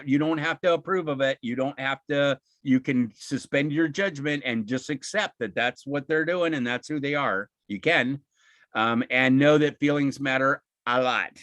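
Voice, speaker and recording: A man's voice: mid-range voice, a bit bright, no echo. Guy on a video call teaching casually, encouraging, dry close sound. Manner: conversational, encouraging, acts out quoted speech. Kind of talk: informal webinar talk on emotional intelligence.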